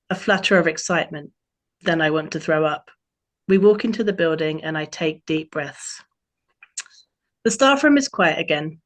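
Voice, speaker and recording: A woman's voice: sits low, expressive, moderate pace, pauses often. A woman author who introduces her novel with hesitant ums, then reads a passage aloud. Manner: hesitant with many ums when speaking freely.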